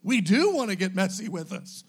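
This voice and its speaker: Young male pastor, fired-up sermon delivery, high voice with big lively swings. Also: normal speed, husky. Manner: impassioned, exhorting, swings from soft to shouting.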